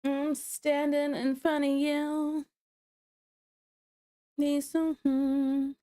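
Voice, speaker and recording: A woman with a somewhat high voice chats casually with her livestream audience as she draws. She sounds relaxed and talkative, and the recording is close and dry, with little room sound. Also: very slow, no room sound. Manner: chatty, relaxed, talks to chat while drawing. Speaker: livestreamer drawing on stream.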